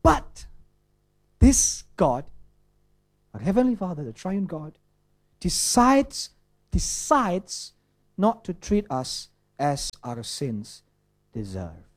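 A man's voice: a little high, big pitch swings, slow pace, pauses often, darkish tone. Pastor, questioning his flock. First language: Indonesian. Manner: checks in with the audience through rhetorical questions. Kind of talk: sermon.

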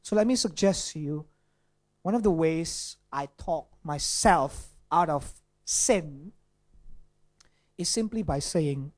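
Pastor preaching in English. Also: male voice, on the high side, animated, slow. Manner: asks the audience questions, with some Indonesian asides. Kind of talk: sermon.

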